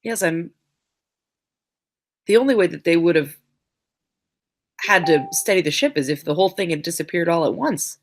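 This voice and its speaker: A woman's voice: on the low side, lively intonation, normal speed, long pauses. A woman playing a tabletop game, reacting wryly and speaking in character. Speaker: player.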